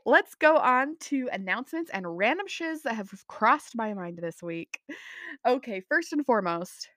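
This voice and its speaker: A woman's voice: fairly high pitch, a bit bright, no echo, studio quality. A young adult woman hosting a casual solo podcast, gushing and bubbly, often laughing at herself. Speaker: podcast host.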